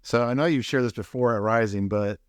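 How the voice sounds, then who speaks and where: A man's voice: mid-range voice, moderate pace, smooth, dry recording, studio quality. A man interviewing a guest at church, asking conversational, probing questions.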